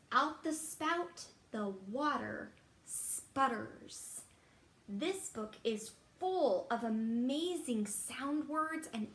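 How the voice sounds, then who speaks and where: Woman teacher for a storytime read-aloud, playful and animated, in a room with noticeable echo. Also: high-pitched. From Texas. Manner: playful and animated, pauses for kids to guess, hushed asides. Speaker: teacher reading to children. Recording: roomy echo.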